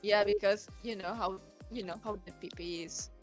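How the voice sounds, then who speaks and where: A woman chatting casually, quiet and hesitant, often trailing off mid-sentence. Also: medium pitch, fairly even intonation, normal speed, faint music behind. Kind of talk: casual chat.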